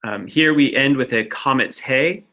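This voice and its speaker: A man's voice: medium pitch, unhurried, pushed and bright. A man teaching a lecture-style lesson, explaining step by step and often checking in with "right?". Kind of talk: recorded lecture at a whiteboard.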